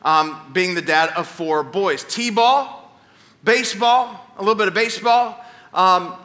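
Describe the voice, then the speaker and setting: This pastor, a man in his thirties, has a high-pitched, sharp-toned voice and speaks unhurriedly from the church stage. His Sunday sermon weaves in stories and playful asides for the congregation.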